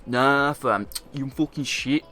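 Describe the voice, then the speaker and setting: A man's voice: medium pitch, takes it slowly, pushed and bright, faint music behind. A man doing a mouthy young footballer. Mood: taunting. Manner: mocking, slangy taunts. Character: cocky young male London-slang footballer who mouths off.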